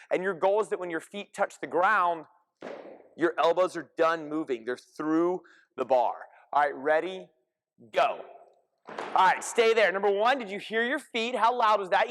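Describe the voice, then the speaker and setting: A fitness coach with a high-pitched male voice leads a group class. He talks in short, energetic commands and calls out cues as his class moves. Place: gym class.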